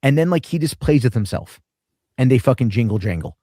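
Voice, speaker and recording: A man's voice: mid-range voice, animated, fairly quick, warm tone, no room sound, studio quality. A man hosting a casual reaction show, talking in a profane, sarcastic, rambling way. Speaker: reaction streamer host.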